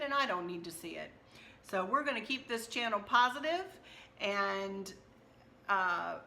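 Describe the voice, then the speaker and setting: Chatty woman decor host. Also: mid-range voice. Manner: warm, chatty and effusive, with soft laughs. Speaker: home decor channel host. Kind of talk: casual chat to camera.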